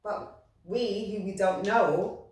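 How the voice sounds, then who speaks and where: A woman's voice: medium pitch, steady tone, slow, a little mellow. Earnest woman in an echoey room. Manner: heartfelt, repetitive, rambling with restarts. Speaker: spiritual medium. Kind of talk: earnest spiritual talk. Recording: echoey room, distant mic.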